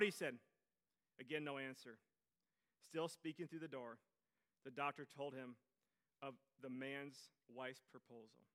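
A male pastor preaching a sermon, telling stories and acting out quoted voices, swinging from loud bursts to hushed near-whispers. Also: mid-range voice, steady tone, unhurried, pauses often, smooth.

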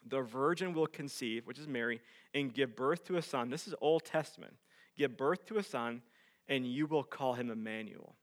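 Preaching man with dramatic loud and soft swings. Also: normal speed. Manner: dramatic swings from hushed lows to loud emphatic peaks. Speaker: pastor. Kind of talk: sermon.

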